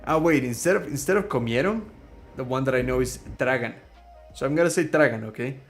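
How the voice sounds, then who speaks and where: A man's voice: mid-range voice, animated, brisk. Young male streamer, rambling and laughing, faint music underneath. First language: Spanish. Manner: rambling, laughs at his own tongue-twister slips. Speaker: livestream host. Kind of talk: casual live-stream chat.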